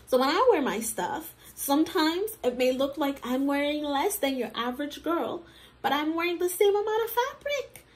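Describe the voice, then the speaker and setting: Woman host, high bright voice that swings widely; chatty, laughs often, plays out friends' lines. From Jamaican heritage. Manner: animated, laughing, acts out friends in quoted voices. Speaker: commentary host. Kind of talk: casual reaction commentary.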